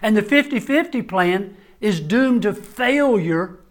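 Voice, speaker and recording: An older man, a family doctor, giving a sermon-style talk to men, with folksy humorous stories and soft, low-voiced serious moments. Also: animated, slow. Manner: folksy, humorous storytelling with dry asides. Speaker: family doctor and conference speaker.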